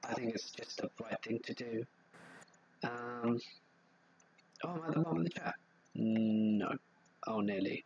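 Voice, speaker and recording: A man with a Southeast English accent chats casually on a live stream, reading out viewer comments and answering each one in an easygoing, rambling way. His voice sits at an ordinary middle pitch. The audio is dull and lo-fi. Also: unhurried, long pauses, breathy edge. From England. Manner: relaxed, rambling, reads viewer comments aloud and answers them with fillers.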